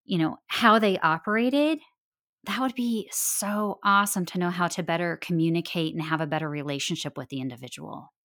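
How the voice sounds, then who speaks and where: Woman, podcast host, eager, enthusiastic, slightly low voice. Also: fairly quick, fairly bright tone. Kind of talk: casual podcast conversation.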